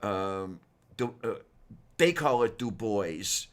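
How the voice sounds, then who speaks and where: A man's voice: on the low side, animated, slow. A man co-hosting a casual chat, rambling and hesitant, with many ums. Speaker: podcast co-host.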